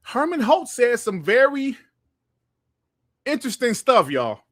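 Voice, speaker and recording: A man hosting a gaming podcast livestream, ranting in a heated, profane and animated way. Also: very high voice, unhurried, no echo, studio quality. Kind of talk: livestream commentary rant.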